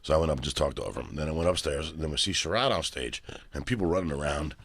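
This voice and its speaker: A man's voice: extremely low pitch, quick pace, dry recording, studio quality. A man, a guest comedian, telling stories casually and acting out the voices of people in them. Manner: animated storyteller, acts out quoted voices. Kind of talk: casual storytelling.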